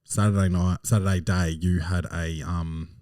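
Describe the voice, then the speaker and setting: A man's voice: sits low, flat delivery, normal speed, a little mellow, dry recording, studio quality. A man in his thirties hosting a casual podcast, boastful and joking, swearing freely. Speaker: podcast host.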